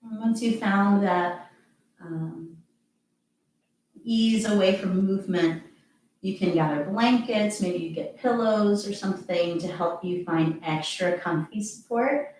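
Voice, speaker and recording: A woman yoga teacher guiding a relaxation with soft, calm, encouraging cues. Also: medium pitch, slow pace. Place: practicing at home. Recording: very echoey room, distant mic, music behind.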